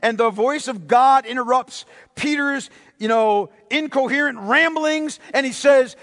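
A male preacher giving a sermon, emphatic and repeating key phrases, swinging between loud and hushed delivery. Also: very high voice, slow pace. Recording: long reverb of a large hall.

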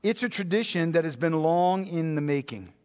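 A man preaching a sermon as a pastor, emphatic, repeating phrases and slowing down to stress key words. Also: on the high side, animated, a little mellow. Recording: long reverb of a large hall.

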